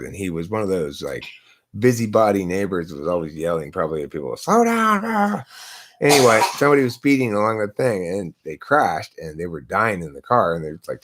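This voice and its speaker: A man hosting a live stream, arguing points in a lecturing way and posing rhetorical questions to himself, speaking into a laptop. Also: lowish voice. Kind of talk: casual philosophical debate.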